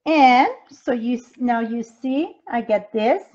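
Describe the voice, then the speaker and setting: Speaking slowly in a higher voice with a darkish tone, a craft demonstrator and team leader runs a live-streamed demo, talking straight to her viewers with loose grammar and plenty of ums. The stream's device mic gives lo-fi sound.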